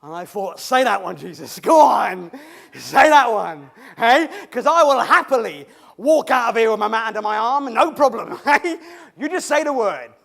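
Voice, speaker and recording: A man's voice: high-pitched, animated, normal speed, pauses often. A man playing a cheerful once-lame man in a comic theatrical monologue, stammering and chuckling as he tells his tale. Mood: chatty, comic. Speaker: actor in a monologue.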